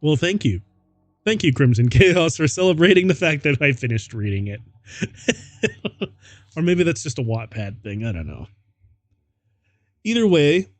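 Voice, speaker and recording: A man's voice: mid-range voice, expressive, brisk, no room sound. A man streaming himself reading a story aloud, laughing at the text and adding mocking asides. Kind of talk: casual dramatic reading.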